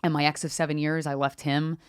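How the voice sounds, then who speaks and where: A woman with a low voice tells a personal story on a podcast, frank and unfiltered. She swears freely and slips into other people's voices when quoting them. The sound is dry and close, with no room echo. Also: level tone, brisk, smooth. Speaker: podcast guest. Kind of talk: candid conversational storytelling. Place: New York.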